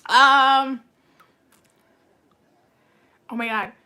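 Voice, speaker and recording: A woman's voice: high voice, fairly even intonation, takes it slowly, bright, forceful tone, smooth. A young woman hosting a casual watch-along livestream, giggly, playful and rambling, a little tipsy. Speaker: livestream host.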